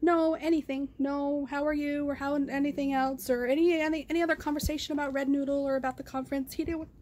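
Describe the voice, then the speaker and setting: A woman's voice: sits high, fairly even intonation, fast talker, a little mellow, a little hiss or hum. A woman talking in a raw personal vlog, rambling and ranting, often repeating herself. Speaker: vlogger. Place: car.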